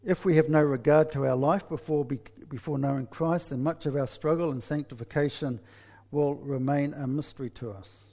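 A man preaching a sermon, telling a story with many restarts and lively asides. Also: fairly high pitch, normal speed, big-room sound.

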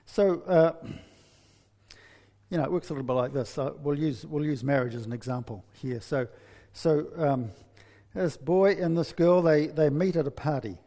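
A man preaching a sermon, telling a story with many restarts and lively asides. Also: on the high side, moderate pace, big-room sound.

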